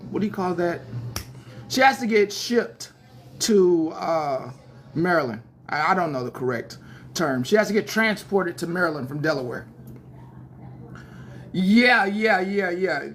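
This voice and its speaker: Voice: mid-range voice, a little hiss or hum. A pastor hosting a casual livestream news show, talking to viewers in chat in a chatty, hesitant way with many fillers.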